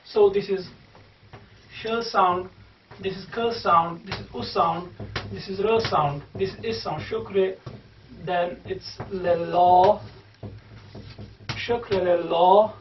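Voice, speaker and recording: A man teaching how to pronounce verse, spelling words out slowly sound by sound and repeating them. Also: high voice, slight background noise. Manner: slow, repetitive sound-by-sound spelling out. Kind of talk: explaining Persian verse pronunciation. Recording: distant, echoey, dull room recording.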